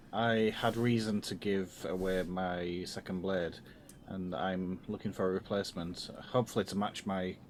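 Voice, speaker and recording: A man playing a tabletop game, speaking hesitantly and politely with many pauses and ums. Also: low voice, a little hiss or hum. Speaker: player.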